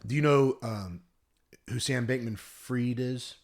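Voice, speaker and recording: A man's voice: mid-range voice, takes it slowly. A young man co-hosting a podcast in casual chat, telling stories in a rambling way and often correcting himself. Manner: rambling, self-correcting storyteller. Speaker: podcast co-host.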